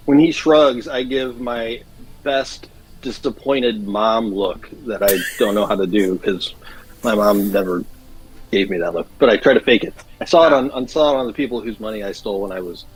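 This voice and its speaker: A man's voice: fairly low pitch, normal speed, slightly rough, low-quality recording. A man playing in a tabletop game who chats casually and makes self-deprecating jokes. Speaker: player.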